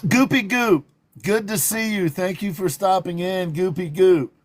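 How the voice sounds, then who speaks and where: A man's voice: sits high, measured pace. A man with a Southern drawl hosting a livestream talk show, playful and teasing and laughing often. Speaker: host.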